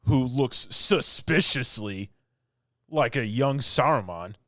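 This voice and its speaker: A man's voice: mid-range voice, animated, slow, fairly bright tone, dry recording, studio quality. A man co-hosting a podcast, ranting in casual chat with mocking mimicry and blunt complaints. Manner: ranting, exasperated, mocking quotes. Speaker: podcast co-host.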